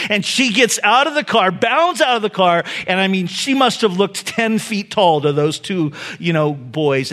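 A middle-aged pastor giving a sermon, telling a family story in a loose, conversational way with fillers and laughs. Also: male voice, sits high, fairly bright tone. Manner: conversational, many fillers, laughs at own stories.

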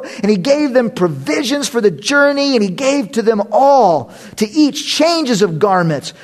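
Lively, joking male preacher. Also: high-pitched. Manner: humorous, conversational, laughs often. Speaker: pastor. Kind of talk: sermon.

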